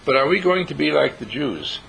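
His voice a little high and a bit bright with vocal fry, a very animated man speaks briskly as host of a spiritual talk show. A radio host and healing school dean, he preaches with rhetorical questions and imagined listeners' voices, on a low-quality recording with slight background noise.

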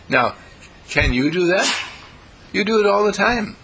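A man's voice: high-pitched, lively intonation, a little slow, long pauses, bright, forceful tone, slight background noise, low-quality recording. A man giving an inspirational spiritual talk in a folksy, repetitive way, chuckling as he preaches. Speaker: spiritual speaker.

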